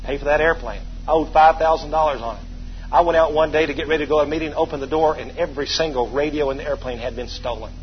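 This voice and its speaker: A fairly high-voiced man preaching to his congregation, spinning folksy personal stories and having the people repeat words back. He drops to soft asides, then climbs into loud, emphatic preaching. The recording is dull and lo-fi, with a faint hum under it. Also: fast. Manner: folksy storytelling with congregation call-and-response. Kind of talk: sermon.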